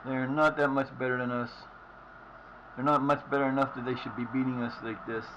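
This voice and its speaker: A man's voice: mid-range voice, flat delivery, brisk, highs cut off, noisy background. A man streaming a football game live, swearing often as he rants at his team's play. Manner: frustrated, profane ranting at the game.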